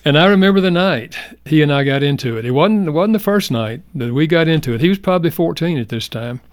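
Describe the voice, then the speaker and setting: An older man telling a personal story as a guest in a radio interview, speaking earnestly and reflectively, going soft at the tender parts. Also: fairly high pitch, lively intonation, fast talker, no echo, studio quality. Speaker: guest, marriage counselor.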